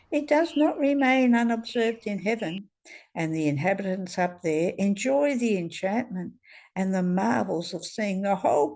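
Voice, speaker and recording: Brief: woman reading as a tender, loving divine man, slow and measured, mid pitch. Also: a little mellow. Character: gentle loving male divine voice. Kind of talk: devotional reading.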